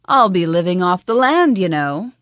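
A light, giggly young dragonette with a teasing, airy manner, voiced by a woman reading a fantasy audiobook. Her tone sits on the low side but lifts brightly for the creature. The sound is dry and close. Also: very animated, normal speed, no echo. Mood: playful. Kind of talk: audiobook character voice.

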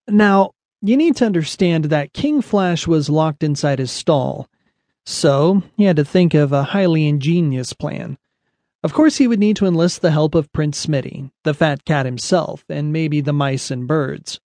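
A man narrating a children's audiobook in a lively storytelling manner. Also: on the high side, measured pace, no echo.

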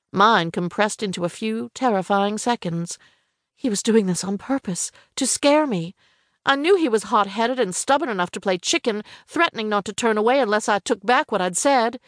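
A woman's voice: medium pitch, moderate pace, dry recording. Woman reading an audiobook, dry close sound. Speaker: audiobook narrator. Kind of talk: scripted first-person narration.

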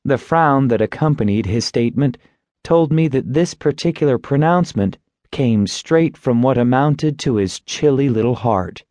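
A man narrating a fantasy audiobook in a wry, unhurried storytelling manner. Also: medium pitch, expressive, darkish tone, no echo.

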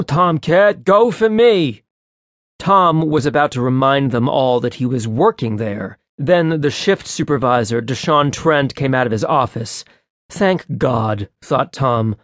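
A man narrating an audiobook in a brisk, wry storytelling manner, close to a studio mic. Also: mid-range voice, dry recording.

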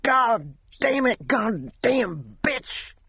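Male narrator putting on a raging nineteen-year-old, high strained yell, crude, volatile, audiobook reading. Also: sing-song, gravelly, breathy edge, no room sound, muffled recording, exaggerated voice. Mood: furious. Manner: shouting profanity, drawn-out bursts. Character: angry young man, about nineteen, crude and volatile.

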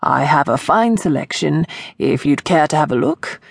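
A woman's voice: sits low, expressive, normal speed, creaky, slightly rough, no echo, studio quality, full character voice. A woman voicing a nervous, balding middle-aged shopkeeper who stammers and fumbles his words. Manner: stammering, flustered.

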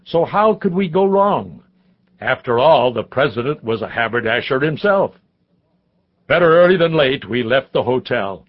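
A man narrating a memoir audiobook in the first person, with measured storytelling, on a dull, lo-fi recording. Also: mid-range voice, lively intonation.

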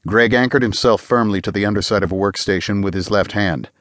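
A man reading an audiobook in a steady, measured narration. His voice is low and even. The recording is close and dry, with no room sound. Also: no echo. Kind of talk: scripted narration.

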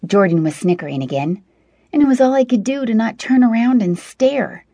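Woman narrating an audiobook, low warm husky voice, bit of fry, dry close sound. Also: lively intonation, normal speed, dry recording, dull audio. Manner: wry, conversational storytelling. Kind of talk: scripted first-person narration.

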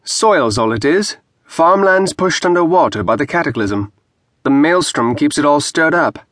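A man voicing a brooding, weathered older ship captain with gruff, rueful sailor's speech. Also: fairly high pitch, expressive, normal speed, fairly bright tone, no room sound, studio quality, voice pushed up. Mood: scoffing.

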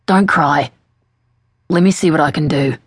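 A woman's voice: sits low, measured pace, husky, no echo, clean studio sound. A woman voicing a brutish male police detective who talks in a soothing, patronizing way.

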